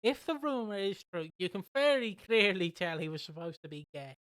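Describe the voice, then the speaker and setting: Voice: mid-range voice, sing-song, fairly quick, a bit bright, smooth, no echo. A co-host chatting casually, giggly and mocking, often acting out silly quoted voices. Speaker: podcast co-host. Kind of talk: casual chat reviewing a soap opera.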